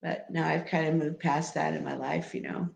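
A woman's voice: sits low, flat delivery, moderate pace, vocal fry. A middle-aged woman, the mother of the hosts, chatting casually as a guest and laughing as she tells stories. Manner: laid-back, laughing storyteller. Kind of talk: casual chat. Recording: echoey room.

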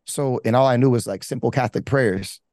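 A male pastor shares his personal testimony candidly, rambling casually with slang, fillers, and lots of restarts. He speaks briskly in a slightly mellow mid-range voice, with clean studio sound and no echo.

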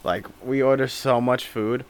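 A man's voice: mid-range voice, fairly even intonation, unhurried, clear, resonant tone. A young man telling a story in casual chat on a podcast, often breaking into laughter. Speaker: podcast co-host.

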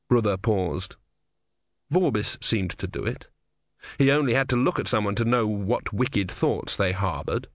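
A man narrating a comic fantasy novel in a wry, expressive storytelling manner. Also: lowish voice, unhurried, no echo, clean studio sound. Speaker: audiobook narrator.

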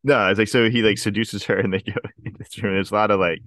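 A man's voice: fairly low pitch, steady tone, quick pace, fairly bright tone, no room sound. Chuckling man co-hosting a podcast. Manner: joking, chuckles through his lines. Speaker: podcast co-host. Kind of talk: casual movie-review chat.

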